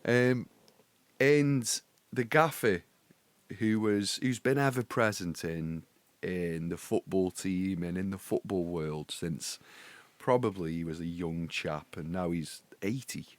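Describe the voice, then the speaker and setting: A man, co-hosting a podcast in relaxed, jokey chat and telling stories. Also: low-pitched, slow pace, no room sound. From England. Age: 40s. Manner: jokey, storytelling, breaks into song. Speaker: podcast co-host. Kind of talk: casual chat.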